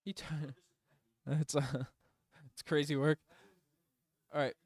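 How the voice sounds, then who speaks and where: A young man doing partisan fan play-by-play for a livestream, rattling off plays and breaking into loud, emotional outbursts. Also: a little high, flat delivery, dry recording. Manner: partisan, swings between rapid calls and loud outbursts. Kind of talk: excited fan play-by-play commentary.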